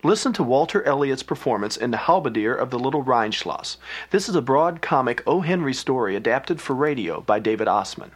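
A male host with a middle-pitched, lively voice who delivers instructive scripted narration. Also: brisk, husky. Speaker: program host.

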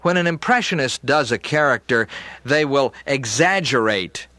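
A man giving an instructional talk on doing voice impressions, measured and reflective. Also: mid-range voice, animated, sharp tone, dry recording. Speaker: voice and impressions teacher.

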